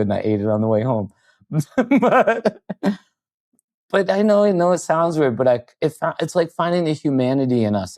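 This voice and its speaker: This podcast guest is a man of medium pitch who spins casual stories, animatedly performing each quoted line. No room sound is audible.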